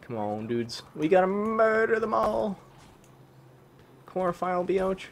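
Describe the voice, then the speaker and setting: A young man giving excitable live commentary on a video game, yelping and swapping swears for "fudge". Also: sits high, slow pace. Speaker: gaming channel host.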